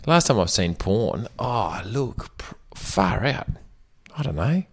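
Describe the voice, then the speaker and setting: Deep-voiced joking man. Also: takes it slowly, gravelly, breathy edge. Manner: joking, deadpan asides. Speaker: podcast co-host. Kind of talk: casual chat.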